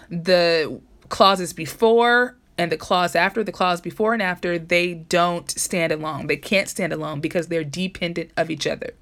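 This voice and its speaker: A woman's voice: fairly low pitch, a bit bright. A woman hosting a podcast episode, teaching grammar in a chatty, casual way. She corrects herself often and talks straight to her listeners.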